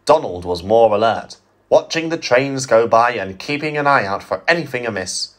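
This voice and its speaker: A man narrating a fan-made storybook tale in an expressive storytelling voice. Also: mid-range voice, normal speed.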